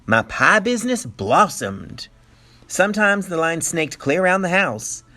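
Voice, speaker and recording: A male teacher reading a picture book aloud with animated storytelling and playful asides. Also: sits high, a little slow.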